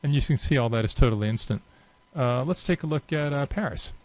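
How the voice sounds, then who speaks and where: This unscripted walkthrough comes from a software demo presenter who stays easygoing and conversational, pausing often with fillers as he navigates. He speaks at a middle pitch in no hurry, over a rough recording.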